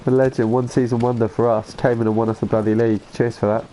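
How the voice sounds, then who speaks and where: A man's voice: medium pitch, flat delivery, quick pace, mellow, slight background noise. A man chatting casually through a live game stream, laughing along with chat and muttering to himself when he gets lost. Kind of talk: live gameplay commentary.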